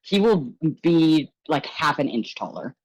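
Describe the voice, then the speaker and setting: A young woman narrating a tabletop role-playing game as game master, casual, swearing and animated. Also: low voice, measured pace, dry recording, rough recording.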